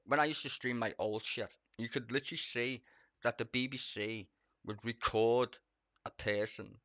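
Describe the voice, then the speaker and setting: A man's voice: on the low side, bright, forceful tone, no room sound, muffled recording. A man streaming live, ranting casually and mockingly about the news, swearing often and laughing.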